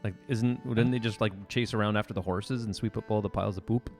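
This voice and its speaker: A lower-pitched man chatting through a tabletop game. His talk wanders and circles back, and faint music sits behind him. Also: fairly even intonation, fast, darkish tone. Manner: rambling, hesitant, full of restarts. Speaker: player.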